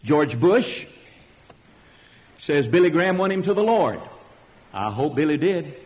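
A man's voice: a little high, big pitch swings, measured pace, muffled recording. A man preaching a fiery sermon, emphatic and rhetorical, calling out questions to his congregation.

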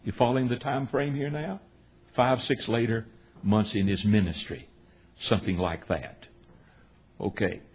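A man's voice: on the low side, steady tone, normal speed, long pauses, dull audio, a little hiss or hum. A middle-aged man preaching a storytelling sermon, retelling stories in a folksy, emphatic way and teaching from the Bible.

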